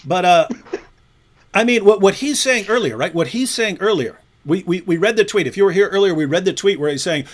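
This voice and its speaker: High-voiced taunting male livestream host. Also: animated, fairly quick. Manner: taunting, mocking, laughing often. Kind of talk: provocative livestream chat.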